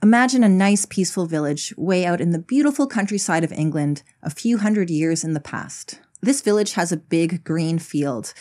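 A woman's voice: fairly low pitch, darkish tone. A woman narrating an explanatory video essay, telling a story in a wry, conversational way.

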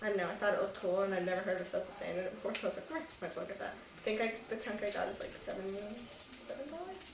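A woman's voice: mid-range voice, rapid-fire, vocal fry. A young woman chatting casually in a rambling, giggly way as she shows off a shopping haul. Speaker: vlogger. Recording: echoey room from far off with noise.

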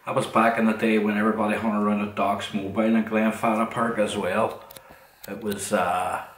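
Blunt, low-voiced Derry man rambling. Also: flat delivery, moderate pace, a bit bright. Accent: Northern Irish, Derry. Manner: blunt, swears a lot, repeats himself. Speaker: podcast host. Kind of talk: rambling storytelling monologue. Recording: roomy, distant, faint noise.

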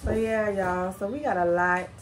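A woman's voice: medium pitch, steady tone, moderate pace, very noisy. Easygoing woman wrapping up a mukbang. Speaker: co-host of a food vlog channel. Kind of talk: casual mukbang chat. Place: at home, indoors.

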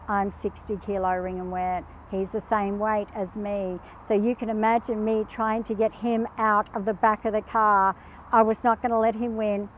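A woman chatting as a pet behaviour guest, telling animated anecdotes and acting out the quotes in them. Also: mid-range voice, slight background noise, rough recording. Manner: animated storyteller who acts out quotes. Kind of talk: casual chat with anecdotes.

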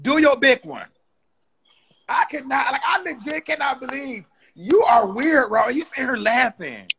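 A young man ranting in a profane, exasperated, fast-talking comedy style. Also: very high voice, expressive, fairly bright tone, breathy edge. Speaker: comedy creator.

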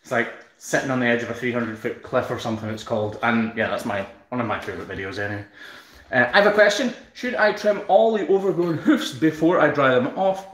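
A relaxed Scottish man chats through viewer comments during a home live stream, joking easily at his own expense. His voice sits in an ordinary middle pitch. The room around him rings with a noticeable echo. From Scotland. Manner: relaxed, chatty, self-deprecating humour. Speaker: hoof trimmer and channel host. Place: room in his newly built house.

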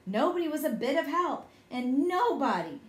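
A woman reading a bedtime story aloud in a lively, expressive way. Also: high voice, normal speed. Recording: echoey room.

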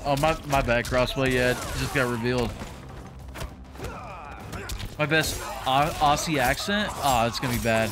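A man's voice: medium pitch, normal speed, pauses often. A young man streaming a fighting game, chatting casually in a loose, slangy way full of fillers, with game music behind him. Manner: slangy and loose, heavy on "like" and "bro". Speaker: gaming streamer. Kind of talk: casual live stream chat while playing.

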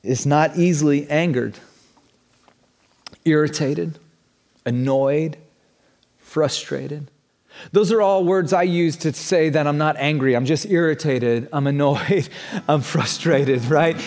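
A man delivers a sermon in measured, deliberate phrases, piling up questions for emphasis. His voice sits a little high, and a long reverb trails each line as if he were in a large hall. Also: darkish tone. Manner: emphatic, building repeated questions. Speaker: preacher.

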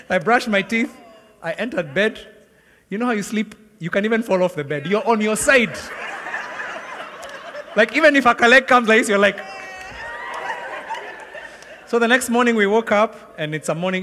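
A man's voice: sits high, pushed and bright. A middle-aged man, a pastor, preaching a sermon and telling a story from his own life, acting out the dialogue and laughing often. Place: large hall with long reverb. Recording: long hall reverb from a church sanctuary.

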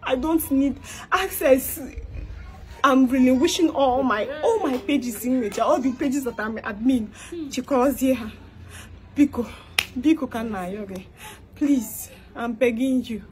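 A young Nigerian woman with an Igbo-inflected accent, performing a comedic skit monologue. Her voice sits fairly high, and she begs and pleads over and over, mixing English with Igbo. A faint hum of ambience sits behind her. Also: a little slow. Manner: pleading, begging, repeating herself.

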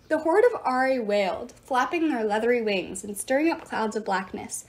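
A woman narrating a fantasy novel aloud, dramatic and expressive. Her voice sits a touch high and moves a great deal in pitch from phrase to phrase. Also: moderate pace, few pauses. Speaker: audiobook reader. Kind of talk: storybook narration.

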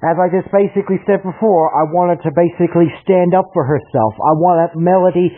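Aussie guy ranting and swearing, kinda high husky voice, sounds like a phone line. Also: a little fast. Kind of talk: angry rant addressed to others. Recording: tinny phone-like audio.

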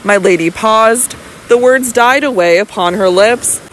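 A woman narrating a classic novel in a measured, even storytelling manner. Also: a little high, slight background noise, low-quality recording. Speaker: audiobook narrator.

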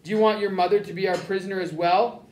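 A stern, cold German-speaking officer in an audiobook, clipped and crisp with quiet menace, as a man reads him. The voice sits high, and the room around it is echoey. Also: fairly even intonation, fast talker, lightly acted. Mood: menacing. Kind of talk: audiobook character reading.

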